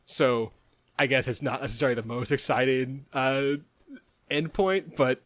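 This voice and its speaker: A man co-hosting a podcast, joking and chatty with quick asides. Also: mid-range voice, fairly bright tone, dry recording. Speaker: podcast co-host. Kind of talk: casual podcast chat.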